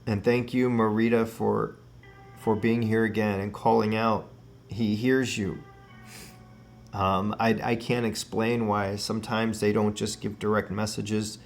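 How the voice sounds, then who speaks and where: A man with a low voice leads a spirit-box session. He talks earnestly and gently, calling out names slowly as though waiting for an answer. Faint music sits under his voice. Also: little pitch movement, creaky. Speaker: paranormal researcher hosting a session.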